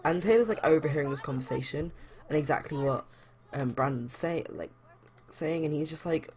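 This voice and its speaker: A woman's voice: deep voice, moderate pace, a little mellow, breathy edge. A young woman chatting casually as a let's play host, rambling with lots of fillers. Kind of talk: casual game commentary.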